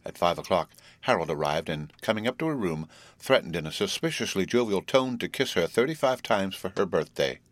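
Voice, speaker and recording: A man reading a story aloud in a steady, measured narration. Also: sits low, dry recording. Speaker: audiobook narrator. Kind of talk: scripted narration.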